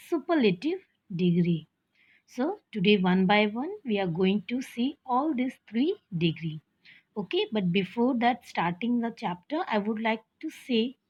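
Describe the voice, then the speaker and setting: A woman teacher giving a slow, patient grammar lesson to children, often calling them "children" and checking that they understand. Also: fairly high pitch, a little mellow, slightly rough. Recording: dull lo-fi recording.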